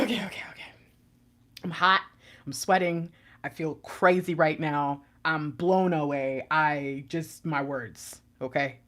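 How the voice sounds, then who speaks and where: A woman hosting her own channel, giving an excited, casual tarot reading, bursting into laughter and then dropping to mutters. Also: fairly low pitch. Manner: excitable, swings from loud laughing outbursts to muttering. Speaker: intuitive tarot reader and channel host.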